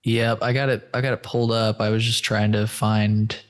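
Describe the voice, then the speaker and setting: A man's voice: fairly low pitch, flat delivery, moderate pace. A man hosting a podcast in casual chat, loose, rambling and profane, addressing listeners as folks while walking through a shared screen. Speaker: podcast host.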